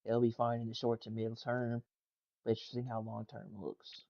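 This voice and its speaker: A man's voice: mid-range voice, completely flat delivery, a little fast, gravelly, muffled recording. A man casually reacting to gaming clips and tweets, laughing often and swearing loosely. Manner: laughs a lot, loose and profane. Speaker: gaming news streamer.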